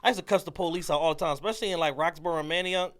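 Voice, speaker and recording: A man's voice: a little high, racing, fairly bright tone. A man co-hosting a podcast in casual chat, often backing up his co-host with short agreements. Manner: agreeable, backs up the other host with short affirmations.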